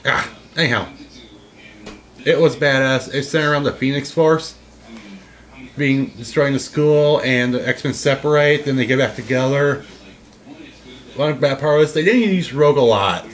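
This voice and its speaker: Man chatting haltingly about old cartoons. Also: mid-range voice. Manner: rambling, halting, with restarts. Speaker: co-host. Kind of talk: casual chat.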